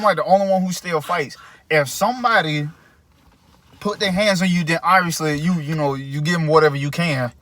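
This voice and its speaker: A man's voice: sits high, bright, forceful tone, dry recording. A man in casual chat, opinionated and lecturing as he retells scenes at length.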